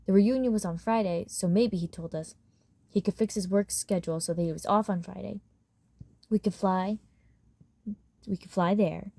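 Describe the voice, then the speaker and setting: Lady reading a novel out loud, warm mellow voice, dry close mic. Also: on the low side, dry recording. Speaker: audiobook reader. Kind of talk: storybook narration.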